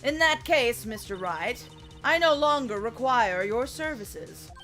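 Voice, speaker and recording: A stern, composed female chief prosecutor, read out by a woman. She speaks in a cold, measured way, fairly high and slow. Faint music plays underneath. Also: animated, fairly bright tone. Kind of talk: reading game dialogue aloud.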